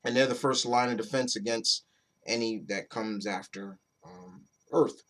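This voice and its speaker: A man's voice: mid-range voice, unhurried, fairly bright tone. Sex: man. Role: casual comic book reviewer. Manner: rambling, loose, swears. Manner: rambling, loose, with mild swearing and many restarts.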